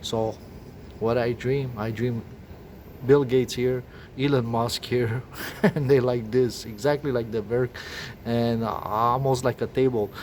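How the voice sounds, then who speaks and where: A man with a French accent and French as his first language, talking in a rambling, profane, agitated monologue with many halting restarts. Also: medium pitch, fairly even intonation, darkish tone, a little hiss or hum.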